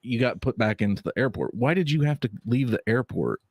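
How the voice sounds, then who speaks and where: A man's voice: mid-range voice, animated, brisk, a little mellow, husky, no echo. A man in a casual chat, dropping short questions and reactions. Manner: brief questioning interjections.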